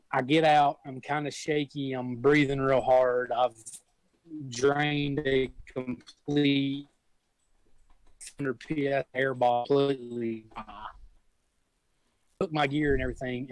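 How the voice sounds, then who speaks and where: A young man recounts his firefighting stories in an easygoing, rambling way, often circling back and restarting his sentences. His voice sits in an ordinary middle pitch. The sound is dry and close, with no room around it. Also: no echo, low-quality recording. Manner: rambling, folksy storytelling with repeated restarts. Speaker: guest, volunteer firefighter. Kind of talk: casual storytelling.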